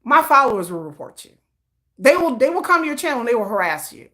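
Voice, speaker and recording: A woman's voice: fairly high pitch, fast. A woman hosting a casual K-pop livestream, reading viewer comments in a sassy, slangy manner and laughing often. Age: adult, old enough to have a teenage child. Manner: sassy and animated, with slangy put-downs and frequent laughter.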